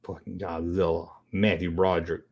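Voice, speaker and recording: A man's voice: low-pitched, moderate pace, husky, highs cut off. A middle-aged man hosting a casual livestream, chatting with viewers in a rambling, profane way. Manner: animated and profane, rambling between tangents. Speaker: livestream host.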